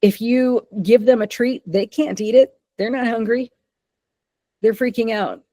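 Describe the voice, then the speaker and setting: A woman leads a webinar on dog behavior, talking fast and lively and jumping into loud acted-out remarks. Her voice is mellow and a little dark. The sound is dry and close. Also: a little high, no echo. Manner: lively, acts out quoted lines with sudden loud bursts. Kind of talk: webinar presentation.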